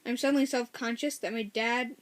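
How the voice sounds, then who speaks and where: A woman reads a novel aloud in a casual, first-person way. She often stops to correct herself and adds chatty asides. Her voice sits somewhat high. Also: fairly even intonation, fairly quick. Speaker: story reader.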